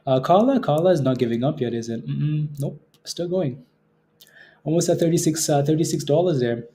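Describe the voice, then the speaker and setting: A man from Canada hosts a trading livestream, chatting loosely with his viewers in a mellow, darker-toned voice. He talks in an easygoing way, often repeating words and laughing between comments. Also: medium pitch. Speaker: day trading livestream host. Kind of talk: casual livestream chat reading viewer comments.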